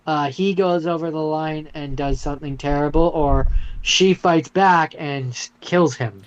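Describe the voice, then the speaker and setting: A man's voice: on the high side, unhurried, clean tone. A man co-hosting a podcast over a video call, making dry sarcastic quips. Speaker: podcast co-host. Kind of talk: casual podcast chat. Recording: dull lo-fi remote call audio.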